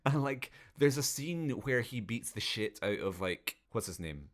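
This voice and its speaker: A man's voice: mid-range voice, lively intonation, measured pace. A man co-hosting a podcast, chatting casually and rambling through a film review while laughing at his own jokes. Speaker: podcast co-host. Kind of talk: casual chat reviewing films.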